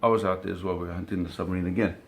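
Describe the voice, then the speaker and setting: A man's voice: sits low, fairly even intonation, racing, a little hiss or hum. A man telling a personal story in casual speech, vivid, acting out sounds and often correcting himself. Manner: frequent self-corrections and repeated words. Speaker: storyteller recalling shark hunting. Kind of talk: casual spoken anecdote.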